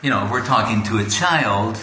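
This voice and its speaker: A man's voice: fairly low pitch, fairly quick, sharp tone. A man giving an informal devotional talk to a gathering, telling stories and acting out other people's voices. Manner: storytelling, acts out quoted voices. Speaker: spiritual lecturer. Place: gathering hall. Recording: echoey room with faint background noise.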